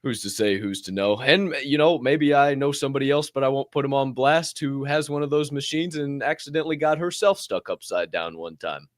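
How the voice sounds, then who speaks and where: Male podcast co-host, mid-pitched, animated, swears, dry studio sound. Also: a little fast, few pauses, no echo. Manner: animated, swears freely, addresses listeners as friends. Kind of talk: casual podcast banter.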